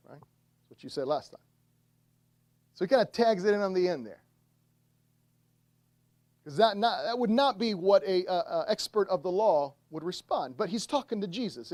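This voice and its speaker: A man, a pastor, preaching a sermon and retelling a story with lively, acted-out voices. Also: high voice, fairly quick, no room sound, studio quality.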